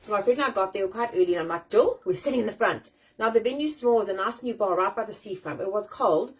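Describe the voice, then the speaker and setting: Fast-talking South African woman, swearing freely. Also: mid-range voice, husky, poor audio. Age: 40s. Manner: chatty, swears freely, animated and self-deprecating. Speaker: host. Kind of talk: casual live-stream chat. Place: at home. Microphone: phone or webcam on a live stream.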